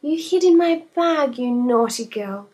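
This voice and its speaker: A fussy, dramatic plump lady from a read-aloud storybook, voiced by a woman, pitched high above the reader's own voice. She speaks in a breathless, gushing rush with a husky, airy tone. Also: expressive, a little slow, a little mellow, full character voice. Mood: doting.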